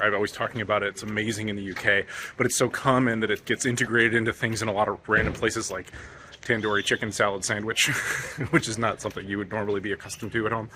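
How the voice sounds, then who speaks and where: A man from the United States with a fairly low, sharp-toned voice records outdoors, a little hiss or hum in the audio. As a travel vlogger wandering town streets, he keeps his walking vlog casual, talkative and jokey, packed with fillers.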